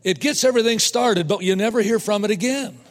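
A man preaching a sermon to fellow preachers, emphatic, repeating words and slowing down to stress points. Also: high-pitched, long reverb tail. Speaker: preacher teaching other preachers.

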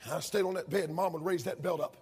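A man in his thirties preaching a sermon, telling stories animatedly and shouting out his mother's lines. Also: on the high side, fairly even intonation, fast talker, husky. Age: 30s. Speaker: pastor. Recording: long hall reverb.

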